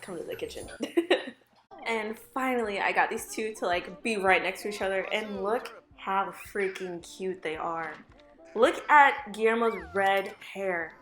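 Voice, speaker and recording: A young woman gushes through a casual voice-over of her game footage, chatty and excitable, dropping "like" everywhere. Her voice sits in an ordinary middle range. The room around her has a roomy echo. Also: mid-range voice. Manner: bubbly, gushing, chatty with many "like"s. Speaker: gaming YouTuber. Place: home room with dogs.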